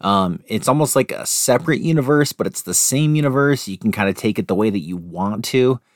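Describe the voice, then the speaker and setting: A young man co-hosting a casual chat, full of jokes and teasing asides. His voice is very deep. The recording is close and dry, with no room echo. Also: animated, fairly quick. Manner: joking, teasing, playful asides. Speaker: co-host.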